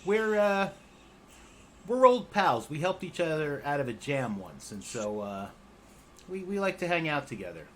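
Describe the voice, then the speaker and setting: A man voicing a friendly, sociable male halfling in a tabletop role-playing game, speaking with eager warmth. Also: fairly high pitch, sing-song, a little slow, slight background noise, pitched above the performer's own voice.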